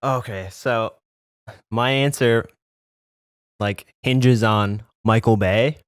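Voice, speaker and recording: A man's voice: medium pitch, steady tone, takes it slowly, clean tone, no echo, studio quality. A man co-hosting a podcast, rambling casually with lots of fillers. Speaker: podcast co-host. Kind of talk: casual chat.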